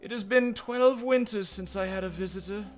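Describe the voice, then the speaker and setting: A man voicing a bent, aged woman of the forest, solemn and slow. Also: sits high, pitched above the performer's own voice, lightly acted.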